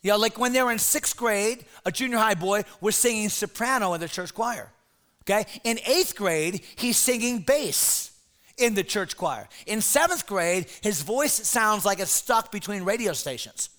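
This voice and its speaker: A middle-aged man preaching as a pastor, telling a comic story to teenagers with lively, shouted bits. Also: sits high, normal speed. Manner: animated storyteller, shouts put-on voices. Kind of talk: comic sermon to teens.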